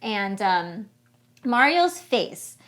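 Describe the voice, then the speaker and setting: A woman's voice: medium pitch, big pitch swings, drawn-out words, fairly bright tone. Chatty woman podcast co-host. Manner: enthusiastic, lots of fillers. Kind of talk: casual chat.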